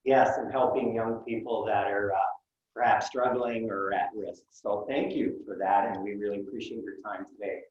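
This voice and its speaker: A man's voice: on the low side, fairly even intonation, normal speed. A man hosts a meeting and thanks the guest in a courteous, formal way. He sits far from the mic, and the room echoes heavily around him. The sound is dull and lo-fi, with faint noise behind it. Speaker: meeting host. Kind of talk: hosting a club meeting. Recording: roomy distant lo-fi mic.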